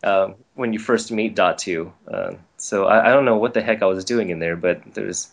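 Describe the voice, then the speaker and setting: Male voice actor guest, lively storyteller who acts out the quotes, easygoing chat. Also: lowish voice, moderate pace, gravelly. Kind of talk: casual chat. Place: based in Los Angeles.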